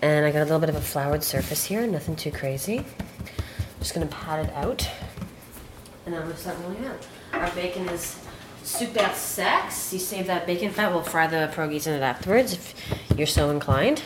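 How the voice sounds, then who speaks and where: A woman chef telling stories casually while cooking in a kitchen, animated and swearing freely. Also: low-pitched, brisk, background noise. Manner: animated, profane, chatty. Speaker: chef, guest.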